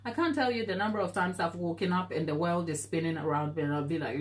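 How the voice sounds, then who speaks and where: A woman's voice: on the low side, fast. Encouraging woman chatting on a live stream. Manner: earnest, encouraging, laughs easily; reads and answers viewer comments. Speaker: baking show host. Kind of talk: live-stream chat while baking.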